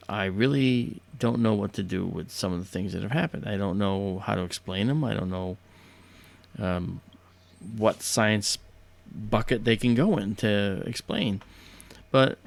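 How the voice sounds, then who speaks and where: A man's voice: fairly low pitch, moderate pace, vocal fry. A man hosting a livestream, telling a story casually in a hesitant way full of fillers and restarts. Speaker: livestream host.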